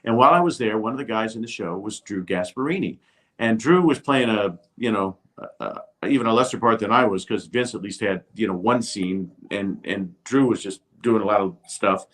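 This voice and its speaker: An older man, a TV host appearing as a guest, telling a lively anecdote and acting out the people he quotes. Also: lowish voice, normal speed. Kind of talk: storytelling anecdote.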